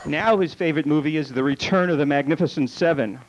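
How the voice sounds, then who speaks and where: A man doing a stand-up comedy set on a club stage, firing off rapid one-liners with deadpan punchlines, recorded live on a noisy old camcorder tape. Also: on the high side, highs cut off.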